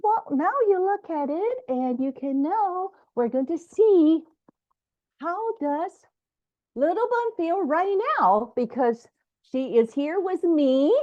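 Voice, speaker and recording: A woman reads a picture book aloud, high and full of swoops. She takes her time over every word. The sound is dull and lo-fi. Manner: animated storybook reading with Mandarin words. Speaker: children's book author.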